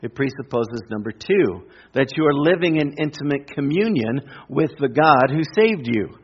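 A middle-aged man preaching a sermon with emphatic repetition and deliberate pauses. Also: mid-range voice, animated, breathy edge, lo-fi sound. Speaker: pastor.

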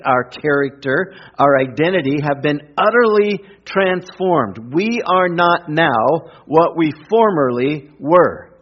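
A middle-aged male pastor preaches at an unhurried, deliberate pace, his voice a little husky. He leans on repetition for emphasis, and the recording sounds somewhat dull and muffled. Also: fairly high pitch. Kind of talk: sermon.

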